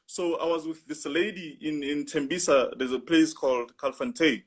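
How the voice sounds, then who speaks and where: A young man with a husky voice, animatedly telling a rambling story in casual chat, full of "you know". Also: fairly high pitch, steady tone, normal speed. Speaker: guest storyteller.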